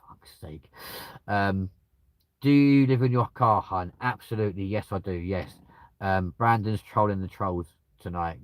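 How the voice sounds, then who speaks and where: A man's voice: fairly low pitch, a little slow, no room sound. A man, banter-style streamer reading out chat and answering with crude jokes, at home. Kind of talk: casual chat. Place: at home with dogs nearby.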